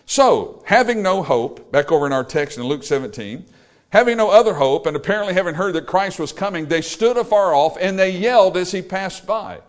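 Male preacher, slightly high voice, sermon delivery that swings between loud and hushed. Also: lively intonation, a little fast, hardly any pauses. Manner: dynamic, swinging from loud exclamations to low quiet lines.

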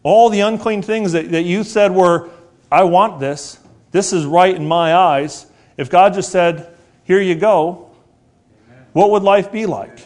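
Guy preaching a sermon, highish voice, earnest, lots of repeated questions, slows down on the big words. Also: darkish tone. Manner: earnest, repetitive, rhetorical questions, slows down for emphasis.

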